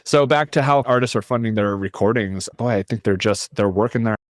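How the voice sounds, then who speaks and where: A man talking as a podcast guest, animated and rambling, often cutting himself off to restart a thought. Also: on the low side, brisk, no echo, studio quality. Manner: animated, rambling, self-interrupting. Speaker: guest, nonprofit founder. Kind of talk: casual podcast conversation.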